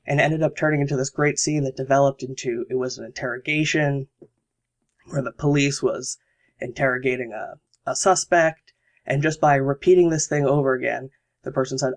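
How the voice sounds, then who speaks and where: A man's voice: mid-range voice, steady tone, moderate pace. A man hosting a podcast, casually explaining exercises step by step with examples. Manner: explanatory, walks through steps with examples. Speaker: podcast host.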